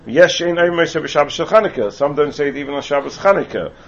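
A man from England teaches a Torah lesson as a Talmudic lecture, reading Hebrew text aloud, then explaining it in English with asides. His voice is on the high side, animated and fast. The recording is muffled and lo-fi, with slight background noise.

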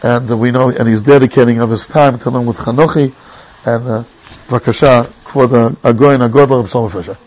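A middle-aged man teaching a Torah class, telling personal stories with sudden high exclamations. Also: fairly even intonation, fairly quick, a little mellow, lo-fi sound.

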